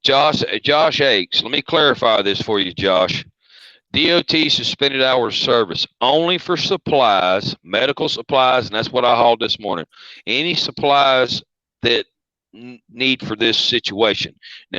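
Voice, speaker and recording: A man's voice: mid-range voice, bright, forceful tone, no room sound. A man with a Southern US accent, a truck driver chatting casually on a livestream in a folksy, plain-spoken way. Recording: dull lo-fi audio.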